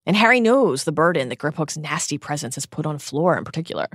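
A woman's voice: sits low, expressive, quick pace, no room sound, studio quality. A woman co-hosting a podcast, reading a scripted book recap in an earnest, emotive way. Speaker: podcast co-host.

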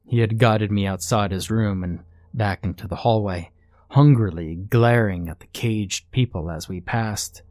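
A man narrating a first-person horror story in a tense, measured, scripted way. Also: fairly low pitch, a little mellow, no echo, clean studio sound.

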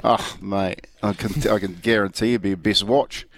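A New Zealand-accented man co-hosts a radio show, swapping anecdotes in casual chat and chuckling frequently. He speaks at a normal speed in a lowish voice with fairly even intonation.

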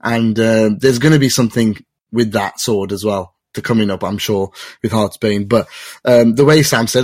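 A man hosting a casual TV review chat, talking excitably in a rambling way with lots of repeats. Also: medium pitch, moderate pace, no room sound. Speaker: host.

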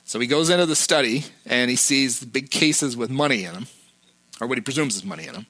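A man's voice: medium pitch, fast, a bit bright, no room sound. A man hosting a podcast, casually recapping a film's plot in a rambling way, full of fillers. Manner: rambling retelling with fillers and acted quotes. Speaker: podcast host.

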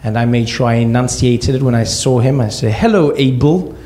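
A man from Africa telling a comic personal story with wry, deadpan asides. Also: mid-range voice, fairly quick.

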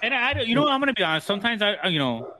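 A man's voice: sits high, big pitch swings, racing, pushed and bright, slight background noise. A man in casual podcast chat, joking and apologetic.

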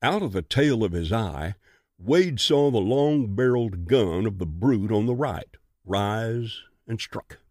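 A man reads a western audiobook in a slow, measured way. His voice sits a little low and is recorded dry and close, with no room sound. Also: animated, a little mellow, no room sound. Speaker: narrator.

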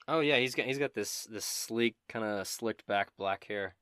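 A man narrating a tabletop game as game master, lively and crude. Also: lowish voice, moderate pace, smooth, no room sound, clean studio sound.

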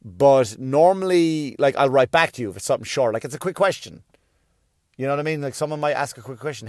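A man's voice: medium pitch, quick pace, a little mellow, dry recording. A middle-aged man talks straight into the mic on his own podcast, in a loose, rambling, self-deprecating way. He stammers and circles back on himself and drops the odd swear word. The sound is close and dry, with no room around it. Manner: stammers and restarts often. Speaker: podcast host. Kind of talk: casual podcast monologue.

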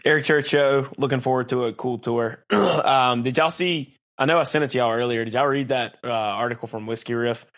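A man's voice: medium pitch, a little fast, hardly any pauses, a bit bright. Laughing man telling stories. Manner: rambling storyteller, laughs often. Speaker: podcast co-host. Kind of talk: casual chat.

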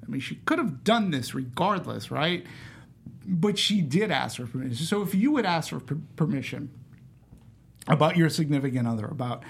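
A man's voice: on the high side, lively intonation, moderate pace, a bit bright, breathy edge. A man hosting a casual discussion, putting questions to the others and thinking aloud with many restarts.

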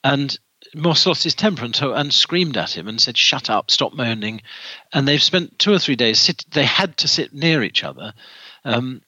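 A man's voice: medium pitch, expressive, moderate pace, pushed and bright, husky, dry recording, muffled recording. A man guest in an interview, telling a story with many restarts and fillers. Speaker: author and guest.

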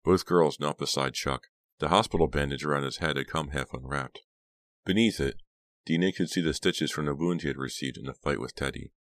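A man narrating a horror novel in a measured, scripted reading. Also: very deep voice, fairly bright tone, no echo. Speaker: audiobook narrator.

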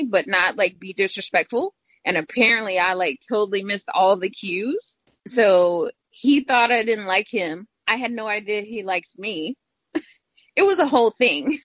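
A woman's voice: medium pitch, dry recording. Frank, profane woman telling a story. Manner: frank, profane, quotes people in lively voices. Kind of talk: casual storytelling. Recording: dull lo-fi recording.

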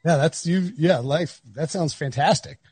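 A man's voice: a little high, unhurried, darkish tone, husky, no room sound. A man from North Carolina hosting a casual sports podcast, chatty and rambling with lots of restarts. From North Carolina, USA. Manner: chatty, rambling, self-deprecating, many restarts. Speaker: podcast host.

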